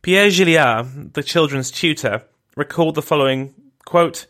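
A man hosting a podcast, giving scripted historical narration in a measured, grave way. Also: fairly high pitch, fairly bright tone. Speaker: podcast host.

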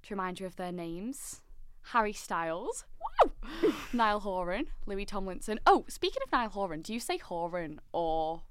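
A woman's voice: medium pitch, animated, moderate pace, fairly bright tone, clean tone, no echo. A woman co-hosting a podcast, chatting in a bubbly, giggly way. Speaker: podcast co-host. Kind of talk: casual chat.

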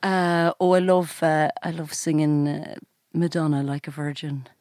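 Woman, low voice, chatty and self-deprecating, dry sound. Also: little pitch movement, a little slow, a little mellow, no echo. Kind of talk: casual chat.

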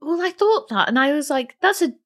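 A woman co-hosting a casual film podcast, animated and incredulous, laughing often as she talks. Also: high-pitched, brisk. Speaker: podcast co-host.

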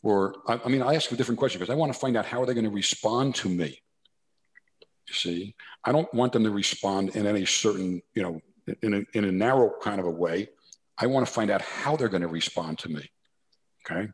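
A fairly low-pitched, fairly quick man from New Jersey, USA, works as a corporate consultant. As a guest in a casual storytelling interview, he tells anecdotes full of asides and restarts.

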